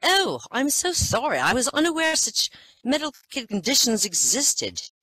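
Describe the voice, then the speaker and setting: A woman puts on a prim elderly queen in a told joke, her voice jumping high into shrill, scandalized exclamations. The delivery swoops with lively pitch. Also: moderate pace, slightly rough, no echo, full character voice, poor audio. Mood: apologetic.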